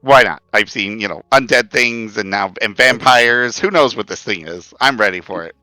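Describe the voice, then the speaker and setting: Bright-toned rambling tabletop player. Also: male voice, lowish voice, normal speed, no room sound, faint music behind. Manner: rambling, repeats words, laughs often. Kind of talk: casual tabletop game chat.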